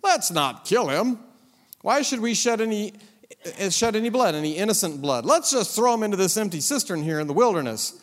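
Pleading older brother read by a man, animated pitch, long reverb. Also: brisk. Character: anxious eldest brother pleading.

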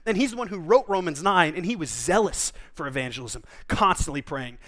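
Pastor, male, high-pitched, conversational sermon delivery, animated storyteller. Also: a little fast.

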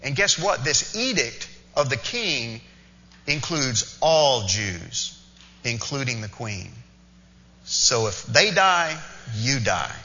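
A man preaches a sermon with a very bright, sharp voice. He tells the story in an animated way, with quick asides to the congregation. The sound is a little dull and carries the long reverb of a hall. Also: mid-range voice. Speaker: pastor.

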